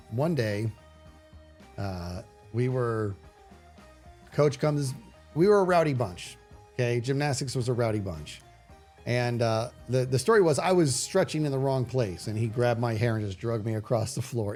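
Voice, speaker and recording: Animated, rambling male streamer. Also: medium pitch. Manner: animated, rambling with many restarts. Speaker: livestream host. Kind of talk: casual storytelling on a stream.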